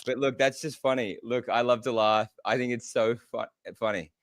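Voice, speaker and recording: Earnest guest from Australia, smooth low male voice, dry close mic. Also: fairly even intonation, moderate pace, no room sound. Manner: earnest, stumbles and restarts, laughs easily. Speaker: podcast guest. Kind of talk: casual interview chat.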